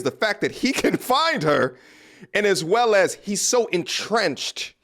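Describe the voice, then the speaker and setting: A man's voice: high voice, a bit bright. A man hosting a casual commentary video, laughing and mocking in a blunt, profane way.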